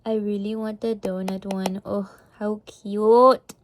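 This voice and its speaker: A young woman chatting casually in an unboxing vlog, gasping and gushing excitedly. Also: mid-range voice, takes it slowly, slight background noise. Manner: gushing, gasping, excited over cute toys. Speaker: vlogger.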